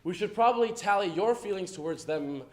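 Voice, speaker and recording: A man acting a brisk, officious wartime official addressing a crowd in a live stage play, with hesitant fillers. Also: high-pitched, lively intonation. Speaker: stage actor. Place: theatre stage. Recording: echoey theatre stage.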